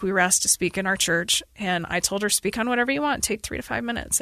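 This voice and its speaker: A woman in her forties, a podcast guest, telling a painful family story in an earnest, urgent, fast-flowing way. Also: mid-range voice, sharp tone, no echo. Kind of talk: emotional personal interview.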